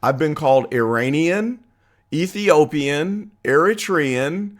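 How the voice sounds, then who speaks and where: A man's voice: fairly high pitch, animated, slow pace. A man hosting a political commentary channel, talking casually and chattily to viewers, asking for their opinions and laughing easily.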